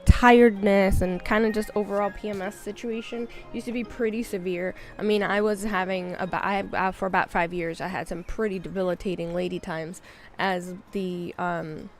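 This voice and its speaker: A woman in her thirties streaming a game, talking in a rambling, candid, self-mocking way. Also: mid-range voice. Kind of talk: casual chat while gaming.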